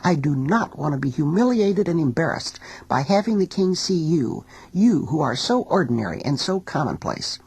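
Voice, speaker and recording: A woman's voice: deep voice, big pitch swings, moderate pace, few pauses, a little mellow, husky, no echo, heavily acted. A woman voicing a harsh, vain mother who orders her daughters about in a folk tale. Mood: bossy. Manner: commanding.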